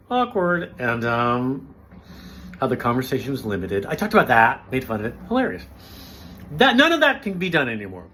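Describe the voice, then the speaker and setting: A middle-aged man speaks in an ordinary mid-range voice, running a sardonic stand-up monologue. His delivery is campy and self-mocking, and his sarcasm lands deadpan. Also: medium pitch, slight background noise. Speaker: stand-up comedian.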